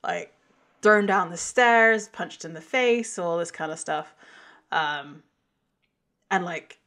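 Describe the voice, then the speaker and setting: A woman's voice: lowish voice, slow, a bit bright. A woman co-hosting a podcast, chatting casually as she recaps an episode, laughing often and quoting lines in funny voices. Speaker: podcast co-host.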